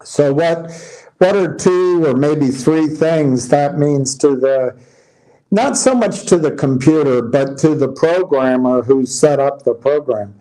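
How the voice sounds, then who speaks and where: A man's voice: on the high side, slow, warm tone, low-quality recording. A man giving casual stock market commentary, reading headlines aloud and musing over them in a loose, tired way. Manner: loose, restarting sentences, tired and yawning.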